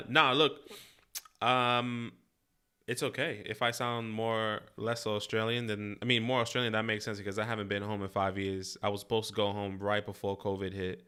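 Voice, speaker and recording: A man's voice: fairly low pitch, flat delivery, normal speed, sharp tone, clean tone. A young man with a faint New York accent co-hosting a fantasy football draft, laid-back and chatty. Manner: laid-back, chuckling, talks through picks. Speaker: fantasy football podcast co-host. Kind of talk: casual live mock-draft chat.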